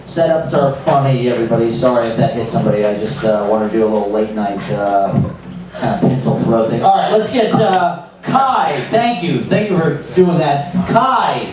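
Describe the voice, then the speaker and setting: Lively open mic host in a noisy echoey room. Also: male voice, mid-range voice, moderate pace. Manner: chatty, apologetic emcee banter. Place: small comedy club. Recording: echoey room, loud noise, far from mic.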